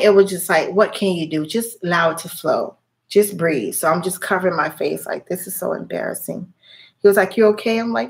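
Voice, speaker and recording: A woman tells a personal story straight to her camera in a loose, chatty way. She swears freely and leans on fillers as she goes. Her voice sits a little low. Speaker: spiritual reading channel host. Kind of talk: casual storytelling vlog.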